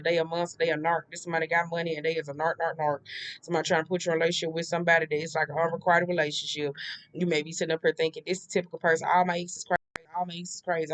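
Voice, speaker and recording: A tarot reader giving a casual monthly reading in a blunt, profane, rambling way, repeating the same tics and often checking in with the listener. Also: mid-range voice. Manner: blunt and profane, with frequent slang.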